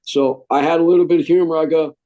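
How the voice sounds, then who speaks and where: A man from the United States who served in the Marines shares his story in an informal interview, animated and loose, dropping "man" and restarting a lot. He talks fast with a fairly high voice, captured in lo-fi sound.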